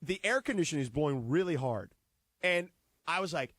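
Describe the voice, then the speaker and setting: A man co-hosting a sports radio show, chatting casually, reading an ad and telling a story with lively acted-out bits. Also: on the high side, brisk, no room sound. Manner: animated storyteller, acts out scenes. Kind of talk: casual radio banter and live ad read. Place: radio studio.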